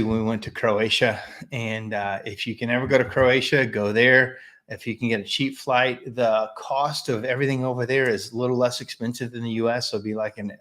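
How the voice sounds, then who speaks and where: A man's voice: medium pitch, fairly bright tone. Opinionated American man hosting a live stream. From United States. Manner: opinionated, loose and rambling. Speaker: host of a weekly live business show, chimney sweep. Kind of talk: casual live-stream monologue.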